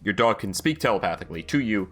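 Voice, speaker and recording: A man narrating as game master in a tabletop role-playing game, explaining the rules at length in a friendly, relaxed way. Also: fairly low pitch, quick pace.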